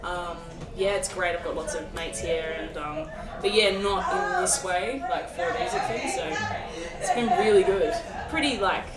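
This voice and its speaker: A woman's voice: fairly low pitch, lively intonation, moderate pace. A woman from Australia with an Australian accent, a singer-songwriter chatting casually in an interview. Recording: roomy, distant, music and crowd behind.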